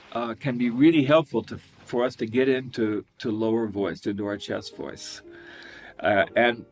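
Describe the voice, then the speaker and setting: A man teaching a singing lesson, talking about voice registers and breaking into sung falsetto whoops to demonstrate. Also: normal speed, soft background music. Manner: animated, demonstrates with high falsetto whoops and laughs. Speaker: vocal coach.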